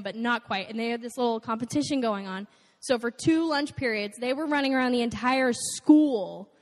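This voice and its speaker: A young woman with a somewhat high voice tells stories to an audience, acting out the people she quotes. She gets animated and quick. Her voice rings with a long reverb, as in a large hall. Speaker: nonprofit volunteer speaker. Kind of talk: storytelling talk to an audience.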